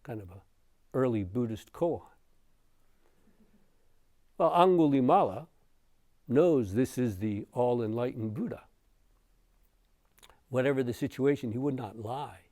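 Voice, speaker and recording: A man giving a dharma talk as a meditation teacher, telling a story in an unhurried way with soft chuckles. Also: mid-range voice, expressive, dry recording, clean studio sound.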